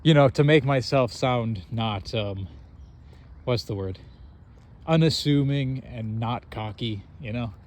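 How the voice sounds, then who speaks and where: A young American man in casual chat, telling an animated, self-mocking story and laughing often. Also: medium pitch, takes it slowly. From United States.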